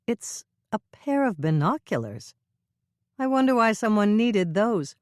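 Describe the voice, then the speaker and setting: A woman's voice: mid-range voice, big pitch swings, measured pace, dry recording, clean studio sound, voice pushed up. A woman voicing a determined heroine sleuth. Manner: forceful and urgent. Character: determined woman baker, sharp-tongued sleuth.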